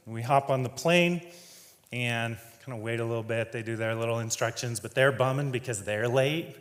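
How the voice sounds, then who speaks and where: On stage in a large event hall, a keynote speaker tells stories in a humorous, conversational talk and laughs often. His mid-range voice is a bit bright and moves at a moderate pace. Long hall reverb trails the recording.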